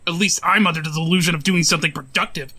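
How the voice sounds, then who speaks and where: A man's voice: a little high, steady tone, very fast, very noisy, lightly acted. A man playing a manic young male killer who lectures with sneering contempt and bursts into cackling. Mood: lecturing. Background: loud music.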